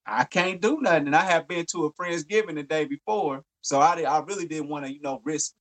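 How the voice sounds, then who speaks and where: A man's voice: a little high, a little fast, rough recording. A man co-hosting a podcast in casual chat, laid-back, repeating his words and tagging lines with "man". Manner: laid-back, repeats words, trailing "man" and "you know what I'm saying". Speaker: podcast co-host.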